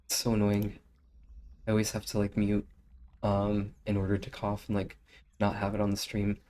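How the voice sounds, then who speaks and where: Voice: low-pitched, completely flat delivery, moderate pace, mellow, a little hiss or hum. A young adult streamer chatting casually and filling speech with lots of filler words, still coughing after a cold.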